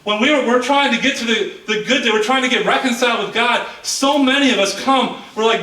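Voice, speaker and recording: A man's voice: very high-pitched, fairly quick, few pauses, pushed and bright. A man in his thirties preaching a sermon as pastor, earnest and repeating words as he builds his points. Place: church sanctuary. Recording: echoey church hall from far off.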